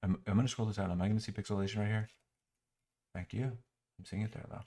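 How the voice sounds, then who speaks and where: Man, low voice, gravelly, exasperated, sarcastic, screen-recorded software critique. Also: little pitch movement, fast talker. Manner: muttering while clicking through an app. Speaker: software reviewer.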